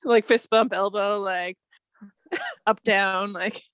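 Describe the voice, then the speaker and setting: A woman's voice: mid-range voice, fairly even intonation, takes it slowly, fairly bright tone, clear, resonant tone, no room sound. A woman playing in a tabletop role-play podcast who describes her character's actions in a giggly, rambling way. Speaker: player.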